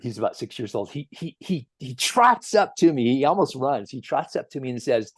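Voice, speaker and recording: Gentle, earnest man preaching a sermon. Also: mid-range voice, big pitch swings, moderate pace, breathy edge, no echo, studio quality. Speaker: minister. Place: church sanctuary.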